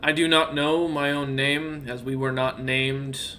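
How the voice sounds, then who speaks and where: A man's voice: mid-range voice, flat delivery, bright, forceful tone, slight background noise. A man voicing a nameless ancient skeleton. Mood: blank. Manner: halting, unsure of itself.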